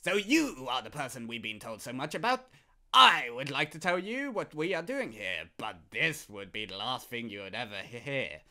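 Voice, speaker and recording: A man's voice: medium pitch, very animated, normal speed, bright, forceful tone, full character voice. A man voicing a theatrical, threatening male leader of a secret brotherhood in a game playthrough. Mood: menacing.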